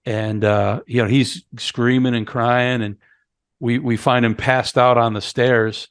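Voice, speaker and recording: A man's voice: mid-range voice, fairly even intonation, measured pace, no room sound, studio quality. Male podcast co-host, conversational, retells plot beat by beat, quotes lines in character. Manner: retells scenes, acting out lines. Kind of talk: casual movie review chat.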